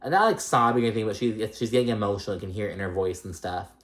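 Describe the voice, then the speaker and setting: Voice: medium pitch, very fast, a bit bright. Chatty recap host with plenty of fillers. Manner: chatty, swearing, many fillers. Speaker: recap vlogger. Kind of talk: casual recap commentary.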